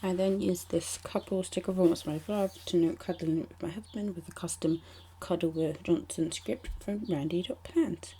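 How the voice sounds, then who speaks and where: Young british girl chatting thru her planner, kinda low, mellow breathy voice, lots of ums. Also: moderate pace, hardly any pauses, a little hiss or hum. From United Kingdom. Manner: rambling, chatty, with many ums and asides. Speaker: planner vlogger. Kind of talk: casual voice-over narration.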